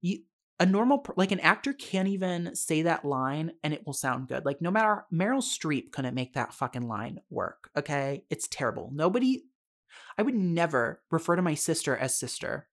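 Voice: medium pitch, big pitch swings, normal speed, a bit bright. A young adult podcast host giving a casual solo film review, chatty and candid, swearing freely and laughing often. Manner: chatty with frequent fillers and asides.

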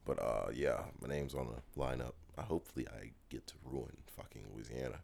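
A young man with a very low voice that still swings widely in pitch. He rambles through loose, profane stories on a casual podcast and chuckles at his own jokes. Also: sing-song, fairly quick, vocal fry, a little mellow. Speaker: podcast co-host. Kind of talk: casual chat.

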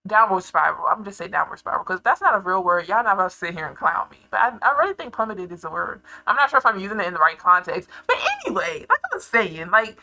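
A young woman vlogging in a casual confessional chat, telling her story with animated flair, laughing often and acting out her past self. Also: medium pitch, fast talker, gravelly, hardly any pauses, rough recording.

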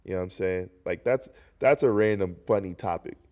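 Low-pitched and fairly quick, this young man from North Carolina runs a solo podcast while sounding stuffed up. His casual monologue wanders, lively and sprinkled with jokes.

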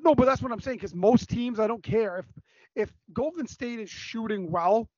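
Blunt New England podcast co-host, high voice, dry dull lo-fi sound. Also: male voice, moderate pace, darkish tone, no room sound. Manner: blunt, profane hot takes. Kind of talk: casual sports chat.

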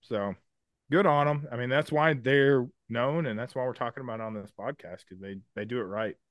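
A man's voice: mid-range voice, brisk, no echo, lo-fi sound. A man co-hosting a podcast in casual chat. He explains things in detail with a lot of enthusiasm and swears casually. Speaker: podcast co-host.

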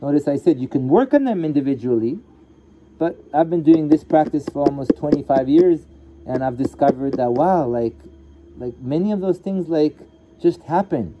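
A man's voice: on the high side, lively intonation, normal speed, muffled recording, background noise. A man teaching yoga at a live gathering, telling a story in a casual way and acting out the characters' lines. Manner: casual storytelling with voiced asides. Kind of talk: live satsang talk.

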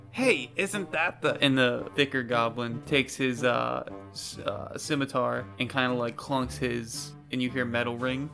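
A man's voice: mid-range voice, vocal fry, pushed and bright. A man narrating a tabletop game as game master, playful and joking.

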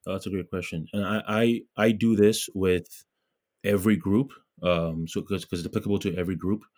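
A man's voice: low voice, steady tone, a little fast, darkish tone. A man from Ghana, a guest in an interview, talking earnestly with lots of fillers and restarts. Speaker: guest, pro-life blogger. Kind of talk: casual interview talk.

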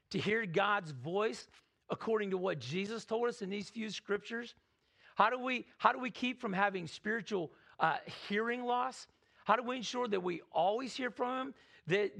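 A man preaching a sermon, leading the congregation in call-and-response and slowing down to read scripture aloud. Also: high voice, vocal fry, fairly bright tone. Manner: repeats words, slows to read scripture. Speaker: pastor. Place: church sanctuary.

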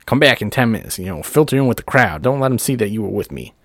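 A man playing a booming snake-oil showman doctor. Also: very animated, fast, a bit bright, no echo, studio quality, heavily acted. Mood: scheming. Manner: booming carnival barker pitch, bossy and sly.

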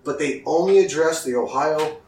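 A man's voice: fairly high pitch, normal speed, a little mellow. A man hosting a casual podcast, joking and swearing as he chats with friends. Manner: joking, swearing, mock newscaster bits. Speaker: podcast host. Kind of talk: casual chat. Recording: roomy, distant mic, faint noise.

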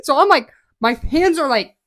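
A young woman co-hosting a podcast, telling a story in a lively way and acting out the voices in her tale. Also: high-pitched, normal speed, dry recording, studio quality. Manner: animated storytelling with shrieking acted-out quotes. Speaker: podcast co-host. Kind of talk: casual chat.

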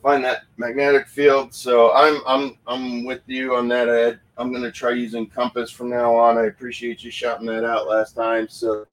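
A man's voice: medium pitch, completely flat delivery, moderate pace, hardly any pauses, far from the mic, poor audio. A man hosting a casual live stream from a room at home, fired up and profane, talking into his phone. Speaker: paranormal livestream host.

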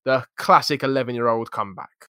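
A young man co-hosting a podcast, telling a story in a lively, jokey, slangy way. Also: medium pitch, fairly quick, clear, resonant tone, no echo, clean studio sound. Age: young adult. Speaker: podcast co-host. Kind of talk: casual storytelling chat.

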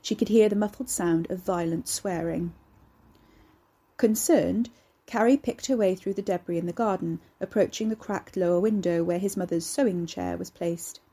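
A woman narrating a serialized horror story in a steady, measured way. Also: fairly low pitch, slightly rough. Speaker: narrator and author. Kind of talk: serialized horror fiction reading.

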